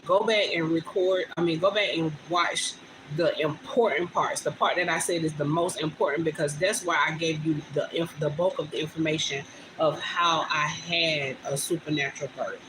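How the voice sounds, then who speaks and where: Speaking at a normal speed with fairly even intonation and a low-sitting voice, a young woman livestreams from indoors at home on her phone. She chats warmly and emotionally, addressing viewers as y'all, over audible background noise.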